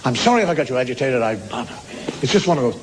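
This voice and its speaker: Guy putting on a deep grovelling caller, sorry sorry sorry, noisy live recording. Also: big pitch swings, racing, close to an everyday voice. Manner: deep, fawning, profusely apologetic. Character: grovelling male wrong-number caller, over-apologetic.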